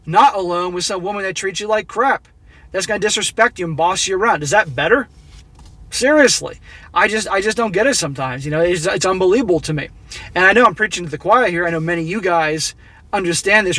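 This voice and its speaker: A man's voice: high voice, sharp tone, no echo. A middle-aged man hosting a commentary channel, giving a blunt, exasperated, preachy monologue about a story he reads out. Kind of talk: opinionated monologue reacting to a read-out story.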